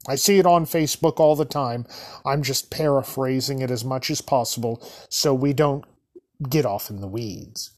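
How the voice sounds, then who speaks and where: A man hosting his own podcast, telling self-deprecating comic stories in an animated, drawn-out way. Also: medium pitch. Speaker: podcast host. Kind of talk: comedic storytelling.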